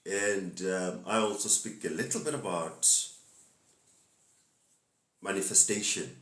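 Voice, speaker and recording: A man's voice: low-pitched, slow pace, a bit bright, roomy sound. A man gives a laid-back, preachy spiritual talk to live-stream viewers and laughs often.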